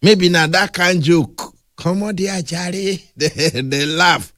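A man with a Nigerian accent preaching a humorous, animated sermon that mixes storytelling with playful big words. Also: sits high, slow, no echo, studio quality.

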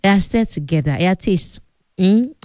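A woman's voice: medium pitch, expressive, a little slow, a little mellow, no echo, clean studio sound. A woman with a Nigerian accent hosting a radio cooking talk, chatty and instructive, laughing often as she talks. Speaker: radio host.

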